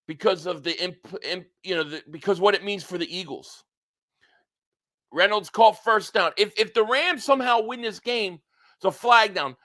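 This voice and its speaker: A man hosting a live sports reaction stream, reading viewer super chats aloud and ranting bluntly, with some swearing. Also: sits high. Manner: excitable, blunt, ranting, profane.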